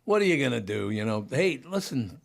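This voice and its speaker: A man hosting a casual radio talk show, joking and teasing his guests, his voice a little higher than usual from lingering throat trouble. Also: sing-song, fairly quick, gravelly. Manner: joking, teasing, laughs often.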